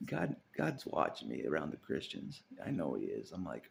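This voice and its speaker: Low, very gravelly-voiced man vlogging; rambling, chuckles a lot, pitch swings widely. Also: wildly swooping pitch, normal speed, a little hiss or hum. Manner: rambling, chuckles often, trails off into muttering. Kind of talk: casual monologue to camera.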